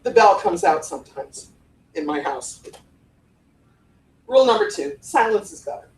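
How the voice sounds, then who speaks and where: A woman in her forties from the Cleveland area, speaking in a lowish voice, gives an animated, playful live workshop on podcast voice technique and demonstrates tones of voice. The conference room recording, made from a distance before an audience, sounds roomy with a faint hiss or hum.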